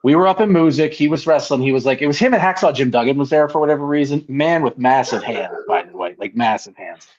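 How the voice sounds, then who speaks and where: A man's voice: medium pitch, fast talker, hardly any pauses, highs cut off. A man co-hosting a podcast, telling stories in casual chat with plenty of swearing. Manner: animated, profane storytelling with loud acted quotes. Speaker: podcast co-host.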